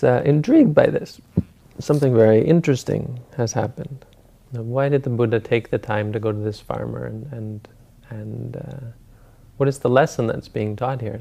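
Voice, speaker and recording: A man, a Buddhist teacher, retelling a teaching story in a relaxed, conversational dharma talk. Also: medium pitch, creaky.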